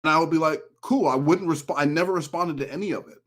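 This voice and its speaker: A man telling a long story in casual podcast chat, turning animated whenever he quotes someone. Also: a little high, quick pace. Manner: storytelling, animated when quoting an ex. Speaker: podcast guest.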